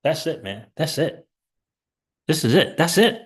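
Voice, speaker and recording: A high-voiced man rants to his vlog audience, his pitch swinging wildly from line to line. He fires the same questions again and again and laughs between them. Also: sing-song, a little slow. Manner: exclamatory, repeats questions, laughs between lines. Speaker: crypto channel host. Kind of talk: excitable vlog rant.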